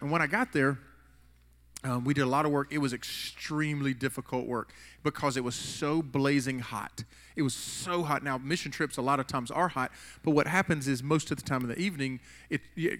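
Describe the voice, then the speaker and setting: A man preaching a sermon in a casual, rambling way, restarting sentences as he tells a story in a church. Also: medium pitch. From United States. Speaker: pastor. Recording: long hall reverb.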